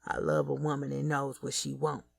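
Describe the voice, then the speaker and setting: Woman voicing a smooth-talking older hustler. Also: extremely low pitch, monotone, normal speed, distant mic, heavily acted. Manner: smooth, teasing, slangy come-ons.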